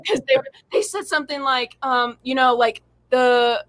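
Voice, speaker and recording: A woman's voice: high voice, expressive, moderate pace, a crowd in the background. A young woman co-hosting, telling stories in a chatty, giggly way with lots of "like". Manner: chatty, giggly storytelling with many "like"s. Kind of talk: casual chat.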